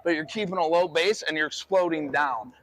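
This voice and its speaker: A man's voice: on the high side, brisk, a bit bright, slight background noise. A man coaching a quarterback through drills on an outdoor field, giving direct, encouraging instructions. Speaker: football coach.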